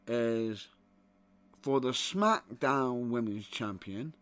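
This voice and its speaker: Exasperated man ranting, bright-toned. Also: medium pitch, animated, a little slow, pauses often. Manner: exasperated ranting, rising to outbursts. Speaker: wrestling podcast host. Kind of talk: opinionated commentary.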